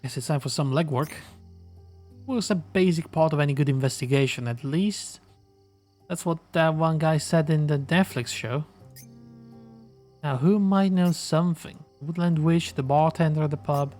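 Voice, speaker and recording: A man's voice: fairly high pitch, normal speed, darkish tone, soft background music. A man giving live gameplay commentary as a streamer, sarcastic and swearing casually.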